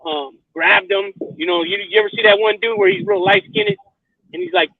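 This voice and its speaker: Guy w a really high gravelly voice, cussing and rambling, tinny phone sound. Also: huge pitch swings, fairly quick, dry recording. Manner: profane, rambling, keeps asking "you know what I mean". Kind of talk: casual chat. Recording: tinny phone line, dry.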